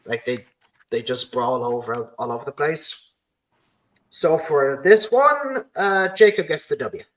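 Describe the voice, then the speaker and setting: A man's voice: a little high, lively intonation, unhurried, a bit bright, rough recording. A man hosting a casual podcast, rambling through his ideas with many "you know" fillers. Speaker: podcast host.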